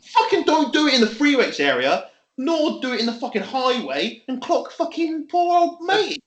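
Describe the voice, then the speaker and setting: A man's voice: very high voice, sing-song, normal speed, a bit bright. A man on a casual podcast, ranting about gym annoyances with lots of swearing and acted-out voices. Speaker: podcast co-host. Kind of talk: casual chat. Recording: roomy echo.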